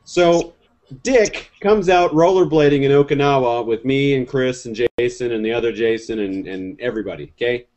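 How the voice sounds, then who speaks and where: A man's voice: medium pitch, moderate pace, a little mellow. A man on a casual podcast, chatting and setting up stories in a dry, wry way. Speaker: podcast host. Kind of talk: casual chat.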